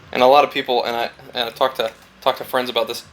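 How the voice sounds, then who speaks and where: While carving, a man with a mid-range, slightly bright voice rambles through a story in a casual, reflective vlog. He acts out bits of conversation as he goes, and a little background noise can be heard.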